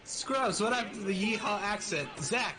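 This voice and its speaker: A man's voice: high voice, animated, moderate pace. A man chatting as a guest on a gaming stream, joking and teasing his friends. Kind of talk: casual gaming chat.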